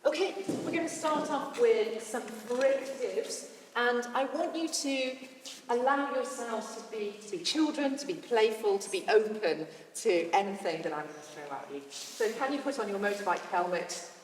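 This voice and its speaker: A woman leading a choral workshop, guiding a group through playful vocal warm-ups with encouragement and sudden leaps in pitch. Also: moderate pace, a little hiss or hum. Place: large hall with a group. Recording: echoey hall from far off.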